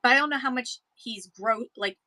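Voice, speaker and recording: Bright-voiced woman rambling through tips. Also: fairly high pitch, moderate pace, poor audio. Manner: rambling, self-correcting explanations. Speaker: livestream seller and co-host. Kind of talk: casual chat.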